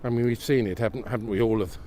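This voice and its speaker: Speaking fast in a steady, mid-range voice, a man live-streams his walk on a windy, snowy night from a gimbal-mounted iPhone. Gently enthusiastic and exclamatory, he talks with viewers about the sights and often asks them questions.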